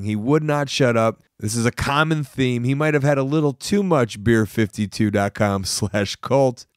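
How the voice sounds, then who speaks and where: A man's voice: mid-range voice, clear, resonant tone, no echo, studio quality. A man hosting a podcast, narrating a recorded introduction in an easygoing, matter-of-fact way. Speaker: podcast host.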